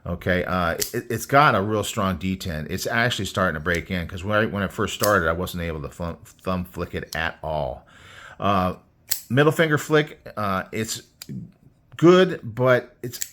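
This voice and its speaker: A man's voice: deep voice, expressive, moderate pace, a bit bright. A man chatting casually about knives and stickers in a rambling unboxing vlog, full of fillers and restarts. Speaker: knife collector vlogger.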